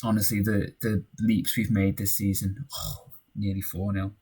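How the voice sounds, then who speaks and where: Casually calling his own football management game, a young man cheers and shouts whenever there's a goal and mutters through the tense parts. The voice is husky and on the low side, flat in delivery, at normal speed.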